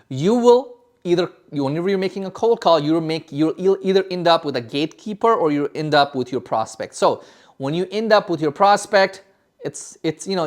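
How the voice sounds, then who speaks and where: A man giving a sales lesson, talking emphatically and ending many sentences with "okay?" and "right?", often restarting words. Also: a little high. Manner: repeats and restarts words while explaining. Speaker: sales coach. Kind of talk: instructional talk to camera.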